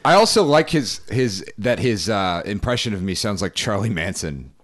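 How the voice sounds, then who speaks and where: A man's voice: lowish voice, animated, moderate pace, a bit bright. A man co-hosting a comedy podcast in casual chat, self-deprecating, with audible lip smacking. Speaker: podcast co-host.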